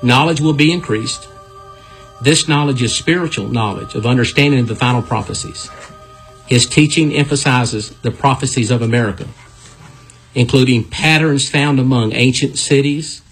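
A man's voice: medium pitch, fairly bright tone, husky. Guy preaching bible prophecy on radio, folksy, music under him.

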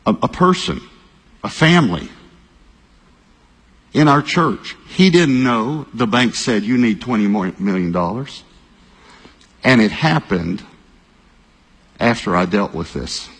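Male pastor, husky low voice, long reverb of a large church hall. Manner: animated storytelling, bursts of shouting and quick repeated phrases. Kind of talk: sermon.

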